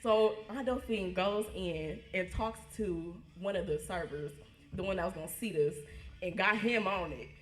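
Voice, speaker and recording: A woman, telling a funny story at a birthday party, lively and laughing. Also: medium pitch, normal speed, faint music behind. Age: 20s. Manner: lively, laughing, acts out quotes. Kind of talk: storytelling toast. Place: party hall, indoors. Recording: echoey room.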